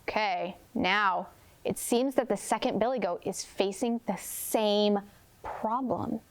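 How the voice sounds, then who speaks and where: A woman kindergarten teacher reading a story aloud and gently asking young children questions about it. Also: mid-range voice, slow. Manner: gentle, expressive, prompting questions.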